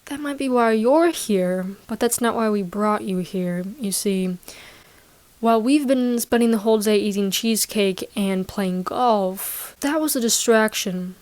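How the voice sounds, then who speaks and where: A woman voicing a calm, sinister small alien ruler in a flat, slow and menacing tone. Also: medium pitch, no room sound, natural voice. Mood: cold, sinister.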